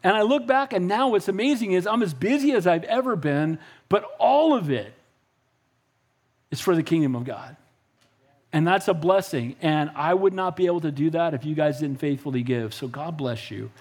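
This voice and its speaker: A middle-aged man pastor preaching a sermon, animated and calling out for amens from the congregation. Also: a little high, moderate pace. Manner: animated preaching with frequent call-outs for amen.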